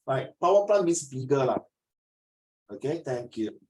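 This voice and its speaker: A middle-aged man with a Malaysian English accent teaching an English lesson, lively and lecturing, mixing in Mandarin. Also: mid-range voice, moderate pace, reverberant, poor audio. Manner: animated, switches between English and Mandarin, lectures and acts out scenes. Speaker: English tutor. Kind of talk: classroom lesson.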